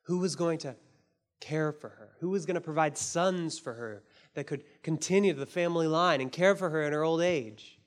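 A man preaching a sermon, emphatic and rising in force for his key points. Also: fairly high pitch. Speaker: pastor.

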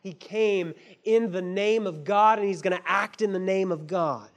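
Male pastor with a high voice, sermon delivery, builds up emphatically on key points. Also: normal speed. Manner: emphatic, rises in pitch and force for key points.

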